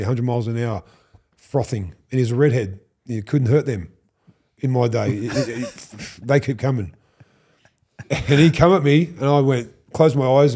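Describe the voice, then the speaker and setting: An Australian man in his fifties, a podcast guest, telling animated stories, swearing freely and acting out what others said. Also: medium pitch, slightly rough. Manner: animated, swears, acts out quoted lines. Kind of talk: storytelling interview.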